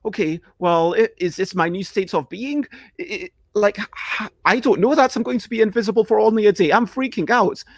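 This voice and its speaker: A man's voice: high voice, brisk, no echo. A man hosting a casual live stream, answering viewer questions in a rambling, chatty way and sometimes acting out panicked reactions. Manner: chatty, self-interrupting, acts out panicked reactions.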